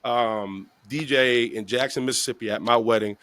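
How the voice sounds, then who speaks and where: A man's voice: medium pitch, moderate pace, no echo. A middle-aged man hosting a podcast, telling a long story in casual chat and acting out the people in it. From the Bronx, New York. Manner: animated storyteller, acts out quoted voices. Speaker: podcast host.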